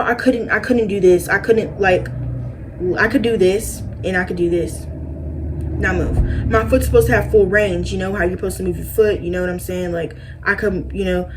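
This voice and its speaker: A woman tells a story to her viewers in a casual, chatty way and plays up the drama. Her voice sits at an ordinary middle pitch, and faint background noise runs under her. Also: low-quality recording. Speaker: vlogger.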